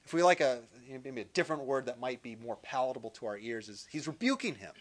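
A man teaching a Bible session in sermon style, animated and lively, acting out quotes with jokey asides. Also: mid-range voice, quick pace.

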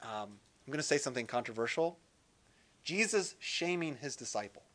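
A man teaching a Bible session in sermon style, animated and lively, acting out quotes with jokey asides. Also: medium pitch, normal speed.

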